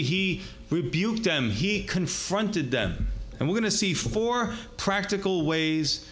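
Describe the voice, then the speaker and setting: A man preaching a sermon as pastor, emphatic, swinging between raised and hushed delivery. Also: fairly high pitch.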